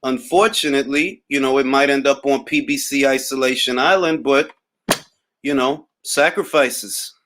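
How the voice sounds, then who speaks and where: A man's voice: mid-range voice, moderate pace, background noise. Laid-back New York man on a livestream. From Harlem, New York. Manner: laid-back, drawling, wry and boastful. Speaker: boxing talk host reading live chat. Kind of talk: casual livestream chat.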